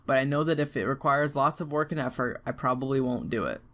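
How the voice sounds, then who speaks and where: A man's voice: mid-range voice, fast talker, fairly bright tone. Young man reading out frank advice. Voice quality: frank and profane, with slangy asides. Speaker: narrator reading out an online post. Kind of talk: reading aloud an advice post, casual and emphatic.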